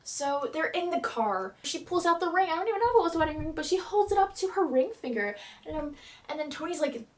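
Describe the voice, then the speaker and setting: A young woman recapping a TV episode as a fan vlogger, gushing and dramatic, with quick swings in loudness. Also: high-pitched, lively intonation, far from the mic.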